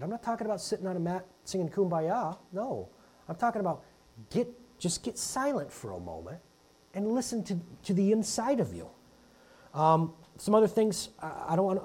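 A man in his thirties delivers a sermon in a relaxed, joking, conversational manner. His pitch swings widely, lifting and dropping for emphasis as he talks to the congregation. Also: normal speed, long pauses. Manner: conversational, jokey, animated preaching. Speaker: pastor.

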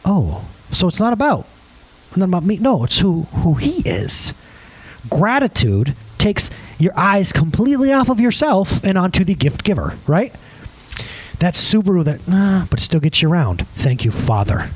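A man's voice: high-pitched, sing-song, moderate pace, breathy edge, low-quality recording. A man in his thirties preaching a conversational sermon, laughing at his own asides.

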